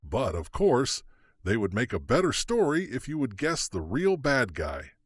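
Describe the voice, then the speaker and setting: A man's voice: medium pitch, huge pitch swings, a little slow, husky, no room sound, exaggerated voice. A man reading the part of a female judge in an audiobook, speaking plainly and directly. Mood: wry. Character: female judge, tough and wry under pressure.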